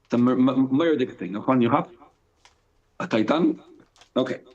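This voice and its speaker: A man, a rabbi, teaching a live Torah class in an animated way, asking and answering his own questions and reading Hebrew text aloud. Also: mid-range voice, normal speed. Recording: dull lo-fi sound.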